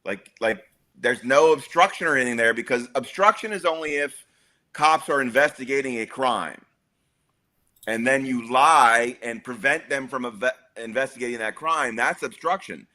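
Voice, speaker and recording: Male co-host, bright and forceful tone, blunt and matter-of-fact, casual swearing. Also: mid-range voice, normal speed. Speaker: co-host explaining gun law. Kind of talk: casual podcast chat.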